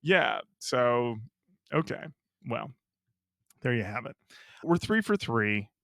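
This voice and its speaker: Gravelly, laid-back male podcast host. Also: mid-range voice, sing-song, takes it slowly, a bit bright, no room sound, studio quality. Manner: laid-back, reads listener comments aloud. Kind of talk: casual music podcast chat.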